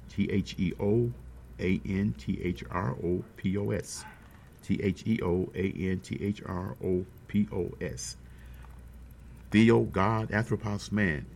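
Deep gravelly-voiced man preaching, keeps repeating lines for emphasis, faint room hum behind. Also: a little mellow. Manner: emphatic, repeats key phrases, addresses congregation. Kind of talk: sermon.

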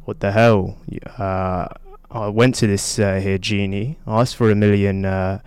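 A man's voice: fairly low pitch, little pitch movement, a little slow, a little mellow, clear, resonant tone, lightly acted. A man playing a flustered bar patron in a joke, stammering as he talks. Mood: exasperated. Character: exasperated male barfly, easily worked up.

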